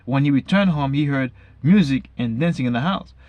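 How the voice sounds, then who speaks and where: A man's voice: medium pitch, no room sound, dull audio. Casual man explaining Bible verses. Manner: reads a verse slowly, then paraphrases it in slang; frequent fillers and restarts, says basically a lot. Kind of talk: casual Bible study talk.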